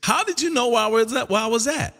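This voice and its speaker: A man's voice: very high-pitched, fast talker, creaky, pushed and bright, long reverb tail. A man running his ham radio station from Texas, chatting casually and repeating his call sign, with "man" dropped into nearly every line. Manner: drawling, repeats phrases, says "man" a lot. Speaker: ham radio operator and stream host. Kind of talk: casual on-air radio chat.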